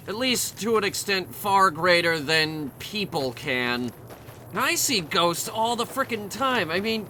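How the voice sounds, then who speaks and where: A man's voice: on the high side, bright, forceful tone, a little hiss or hum. A young man giving rambling, sarcastic, jokey commentary while he plays a video game. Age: young adult. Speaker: let's play commentator.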